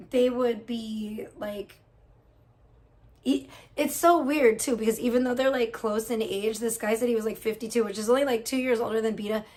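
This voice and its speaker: A woman's voice: a little high, darkish tone. A woman hosting a casual livestream, gossiping and reacting to chat, swearing freely. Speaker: livestream host.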